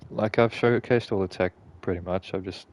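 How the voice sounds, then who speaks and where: A man's voice: sits low, fairly even intonation, normal speed, a little mellow, slight background noise. A man giving casual gameplay commentary, laid-back and swearing freely while he mutters to himself. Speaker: gaming channel host.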